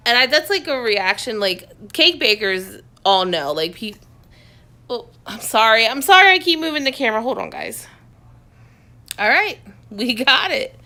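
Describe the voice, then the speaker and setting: A woman's voice: on the high side, expressive, moderate pace, bright, forceful tone. A woman talking casually to her phone camera from her couch at home, rambling with lots of fillers and restarts. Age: adult, has a son. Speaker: vlogger. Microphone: phone on a selfie stick, close.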